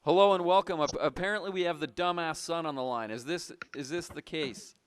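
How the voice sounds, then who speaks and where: This man's voice is fairly high and clean-toned. Playing a bombastic, patriotic trucker on a comedy call-in show he hosts, he blusters and picks fights with callers at the slightest chance.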